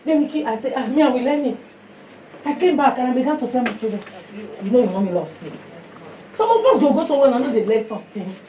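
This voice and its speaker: A woman with a Nigerian accent preaching a sermon to a fellowship, passionate and emphatic, swinging between loud and hushed. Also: high voice, lively intonation, quick pace, echoey room, distant mic.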